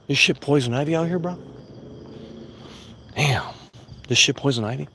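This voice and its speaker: A man's voice: medium pitch, normal speed, long pauses, bright, forceful tone, a little hiss or hum. A man vlogging outdoors in a casual, rambling rant, blunt and profane, repeating himself as he goes. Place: outdoors among plants. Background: faint crickets and insects.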